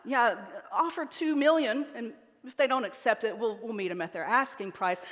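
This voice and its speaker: A woman's voice: a little high, moderate pace, a bit bright, big-room sound, close to an everyday voice. A woman preacher voicing an easygoing man who cheerfully agrees to every purchase. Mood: indulgent.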